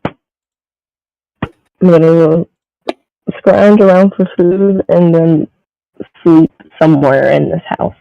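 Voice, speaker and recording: A man's voice: fairly high pitch, steady tone, takes it slowly, creaky, pauses often, clean tone, dry recording. A man chatting casually as a co-host, giggly and self-mocking, who laughs often. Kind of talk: casual chat. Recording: slightly muffled mic.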